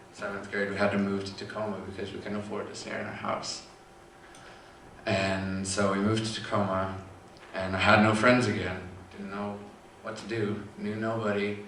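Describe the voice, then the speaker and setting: A young man telling a personal story in a halting, quiet way with long pauses. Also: on the low side, a little hiss or hum. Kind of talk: personal testimony. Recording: echoey room from far off.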